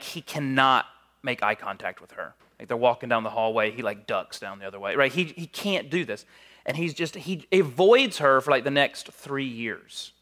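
A man's voice: medium pitch, sharp tone. A man preaching a sermon in a church, as a campus minister, casual and joking, telling a story with animation. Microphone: microphone.

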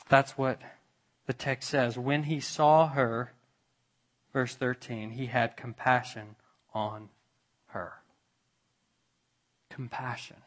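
A man delivers a sermon at an unhurried, deliberate pace, leaving long pauses between phrases. His voice sits at an ordinary middle pitch, climbing sharply and growing loud at emphatic moments before falling back to near-whispered quiet. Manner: slow, with long pauses, rising to emphatic peaks. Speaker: pastor.

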